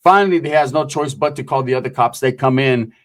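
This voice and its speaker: Hosting a segment of prison stories, a man with a medium-pitched voice spins a tale in rough, profane street slang, slipping into the voices of its characters. His delivery is casual, brisk, and storytelling in style.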